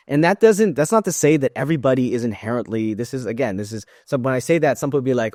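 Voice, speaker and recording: A man's voice: medium pitch, expressive, fast, hardly any pauses, a little mellow, no echo. Earnest man, dry close mic. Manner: earnest, thoughtful, with frequent restarts. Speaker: podcast guest, educator. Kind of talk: conversational interview.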